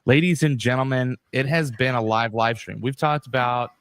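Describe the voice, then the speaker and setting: A man's voice: mid-range voice, moderate pace, fairly bright tone, clean tone, no room sound. A man hosting a podcast, talking casually and reacting bluntly with short swear words. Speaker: podcast host.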